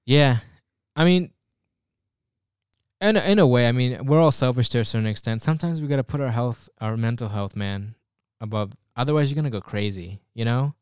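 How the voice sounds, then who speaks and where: A man's voice: mid-range voice, fairly quick, a little mellow, clear, resonant tone, dry recording, studio quality. A man co-hosting a podcast, chatting casually in a loose, rambling way and swearing now and then. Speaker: podcast co-host. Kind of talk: casual chat.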